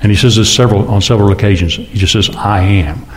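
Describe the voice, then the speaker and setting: A man preaching a sermon in church, talking casually and asking the congregation rhetorical questions. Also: very fast. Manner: conversational, with rhetorical questions and sudden rises in pitch. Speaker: pastor.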